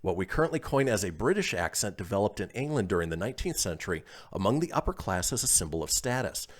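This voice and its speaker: Low-voiced male radio host reading posts. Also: very animated, fast talker. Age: adult, calls himself old. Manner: reads listener posts aloud, chuckles often. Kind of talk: casual radio chat.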